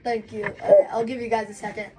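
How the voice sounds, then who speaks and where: A woman's voice: medium pitch, little pitch movement, fast, dark tone. A woman co-hosting a casual chat, playful and giggly, drawing out her words. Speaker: co-host.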